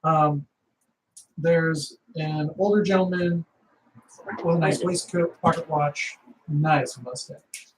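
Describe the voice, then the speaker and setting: A man's voice: fairly high pitch, steady tone, slow pace, pauses often, slight background noise, rough recording. A man running a tabletop game as game master, narrating with many fillers and restarts.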